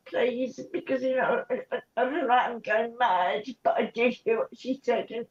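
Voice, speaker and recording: A woman on a live panel, upset and tearful, talking haltingly with many ums and restarts. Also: fairly high pitch, highs cut off. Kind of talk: emotional casual chat.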